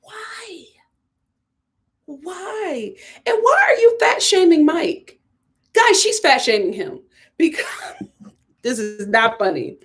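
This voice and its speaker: A woman's voice: sits high, expressive, unhurried, long pauses. A young woman giving a casual, sassy recap of a reality TV episode, often talking straight to the people on screen. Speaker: reality TV reviewer.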